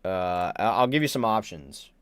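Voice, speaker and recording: A man's voice: fairly low pitch, lively intonation, normal speed, a bit bright, smooth, dry recording. A young man chatting casually on a live stream, rambling, stammering and joking bluntly as he reacts to viewers. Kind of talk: casual livestream chat.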